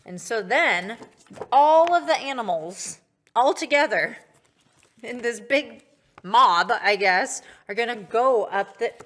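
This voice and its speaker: High-voiced woman teaching kids music. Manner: patient, slow, sing-song, bright and encouraging toward kids. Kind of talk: children's music lesson.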